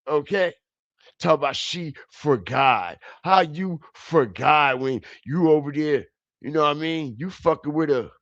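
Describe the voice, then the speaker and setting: A man rants on his livestream in a heated, taunting way, pressing each point again and again. His voice sits a bit high and he talks slowly. The audio is dry and a little dull, like a home streaming mic. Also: dry recording. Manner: heated, confrontational, repetitive and taunting. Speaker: livestream commentary host. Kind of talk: profane ranting livestream commentary. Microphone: streaming setup mic.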